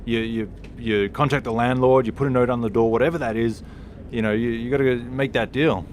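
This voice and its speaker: A man's voice: medium pitch, steady tone, brisk, a little hiss or hum. A man with an Australian accent, hosting a casual live-stream chat outdoors on a yacht, talking in a chatty way that repeats words as he goes. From Melbourne, Australia. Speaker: host, car wash owner.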